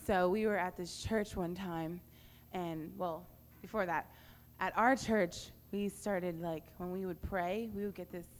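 A young woman on a youth panel giving halting testimony with many fillers and restarts. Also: on the low side, fairly even intonation. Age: young adult. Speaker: panel speaker. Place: large hall at a youth camp. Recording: echoey hall, faint background noise.

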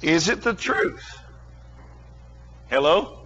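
A man's voice: high voice, lively intonation, a little slow, pauses often, bright, forceful tone, breathy edge. A middle-aged man preaching a sermon, telling a story in an emphatic, emotional way.

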